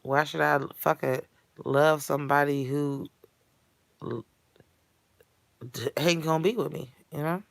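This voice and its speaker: A woman delivering a blunt, foul-mouthed comedic rant in streetwise slang that builds to shouting. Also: low-pitched, steady tone, measured pace, creaky, long pauses, no room sound. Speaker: character monologue performer.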